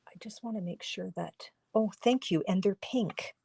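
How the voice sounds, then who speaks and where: With a husky, gravelly voice of medium pitch and a darkish tone, this crafting host streams a card-making lesson live from her home studio at a moderate pace. She is losing her voice, talks instructively while coloring, and frequently sinks to a murmur; there's no room sound.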